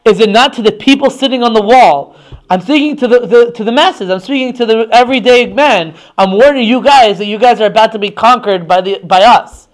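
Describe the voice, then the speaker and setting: A man reading out the lines of a taunting enemy envoy in a raised, forceful declaiming voice. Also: sits high, normal speed, lightly acted, rough recording. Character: taunting male enemy envoy, scornful and threatening.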